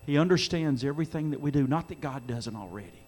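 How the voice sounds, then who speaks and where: Earnest preacher, slightly high voice. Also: male voice, expressive, fast. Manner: earnest, swells louder and higher when quoting scripture. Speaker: pastor. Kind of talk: sermon. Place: church sanctuary during a live-streamed service.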